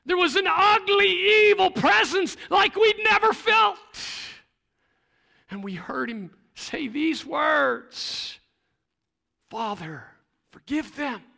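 A man telling a Bible story dramatically in the first person, as a witness, swinging between hushed and loud moments. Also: extremely high pitch, lively intonation, slow pace, gravelly.

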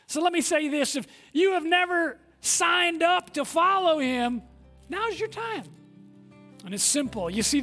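A male pastor preaching a sermon with lively energy, swinging between loud emphasis and hushed moments, acting out quoted voices. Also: very high-pitched. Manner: acts out quoted voices of listeners and God.

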